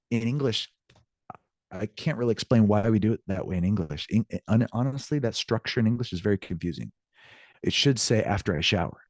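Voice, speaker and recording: A man gives a recorded online Spanish lecture, walking through grammar patiently, frequently checking on his students and responding aloud to their questions. The voice sits on the low side and is a little mellow, with clean studio sound and no room tone.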